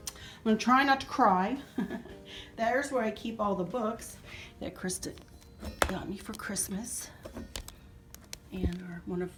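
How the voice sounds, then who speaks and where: A middle-aged woman giving a chatty, sentimental home decor tour with soft laughs. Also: medium pitch, slow pace, pauses often. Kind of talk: casual home tour narration. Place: indoors in a house. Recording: roomy echo, faint music.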